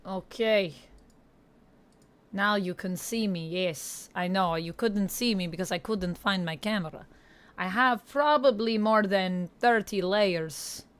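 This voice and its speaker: Slow-talking woman in a mock Russian accent. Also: mid-range voice. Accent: put-on Russian. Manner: playful, reads chat aloud, mock-serious. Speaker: gaming livestreamer. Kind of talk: casual livestream chat. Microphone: headset.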